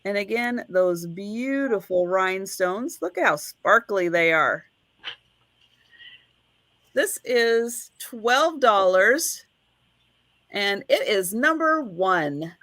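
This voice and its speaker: A woman's voice: medium pitch, animated, slow, long pauses, a bit bright, no room sound. A woman hosting a live online vintage sale, chatting and counting down bids like an auctioneer. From United States.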